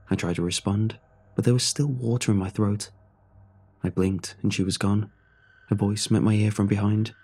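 Casual: low husky guy reading a creepy story, mellow dark tone. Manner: somber, measured first-person telling. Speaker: narrator. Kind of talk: scripted horror story narration.

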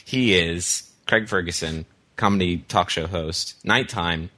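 A man co-hosting a comedic podcast, riffing in a mock-serious, deadpan way. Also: low-pitched, measured pace. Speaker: podcast co-host. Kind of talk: comedic casual chat.

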